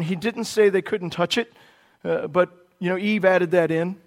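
A man's voice: sits high, unhurried. A man preaching a sermon, emphatic, and often putting questions to his listeners. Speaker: pastor.

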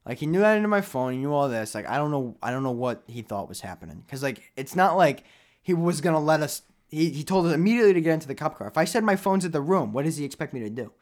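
A young man from Rhode Island tells a story on a casual podcast, his slightly high voice swinging widely up and down. He acts out what other people said and peppers his talk with "like.". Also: fast. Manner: animated, acts out other people's lines, many "like" fillers. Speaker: podcast co-host.

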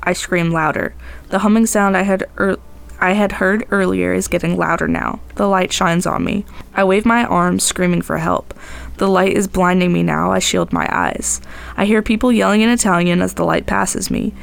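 A woman's voice: fairly low pitch, steady tone, moderate pace, gravelly, clean tone. A woman podcast host narrating a tense first-person tale in a dramatic storytelling manner.

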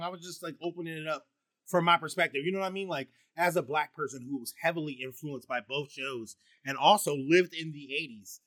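A middle-aged man with a baritone voice, chatting casually and profanely as a podcast co-host, high and rambling with many fillers and restarts. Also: fairly bright tone, dry recording. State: high on marijuana. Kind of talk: casual chat.

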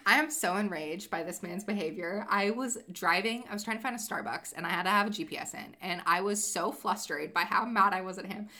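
A young woman co-hosting a casual book chat, talking in an animated, rambling way with many fillers. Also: medium pitch, fast talker, few pauses. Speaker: podcast co-host. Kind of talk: casual chat about books.

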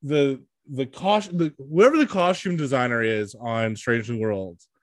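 A man co-hosting a podcast in casual chat, excitable and loose, with many fillers and swearing. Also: medium pitch, a little slow, dry recording, studio quality. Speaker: podcast co-host.

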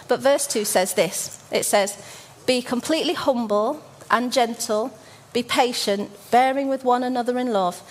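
A woman in her forties from Birmingham, giving a church sermon as a story, with frequent ums and restarts. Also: fairly high pitch. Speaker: church speaker.

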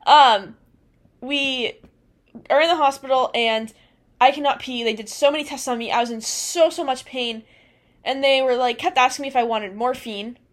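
A young woman with a slightly high voice, co-hosting a casual chat show. She tells her story in a loose, rambling way and often breaks into laughter. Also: normal speed. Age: young adult. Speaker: podcast co-host.

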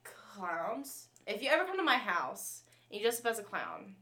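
A young woman, a podcast guest chatting casually, excitable and prone to loud playful outbursts. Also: mid-range voice, normal speed. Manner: excitable, breaks into loud acted shrieks. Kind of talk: casual chat.

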